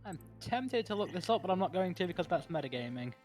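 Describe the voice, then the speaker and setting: Male player, slightly higher voice, casual rules chatter. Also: sing-song, fast, darkish tone, soft background music. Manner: talks through rules, describes his character's feelings. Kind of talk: casual tabletop game chat.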